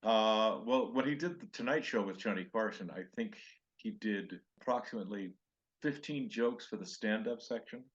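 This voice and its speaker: A man's voice: on the low side, moderate pace, husky, muffled recording. An older male comedian telling road stories in a podcast interview, acting out other people's lines in raised voices. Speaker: comedian guest.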